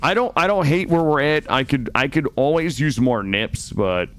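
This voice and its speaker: A young man streaming a game, chatting casually with viewers, swearing often and swinging between loud remarks and muttering. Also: mid-range voice, lively intonation, normal speed. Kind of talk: casual gameplay chat with viewers. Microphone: studio microphone.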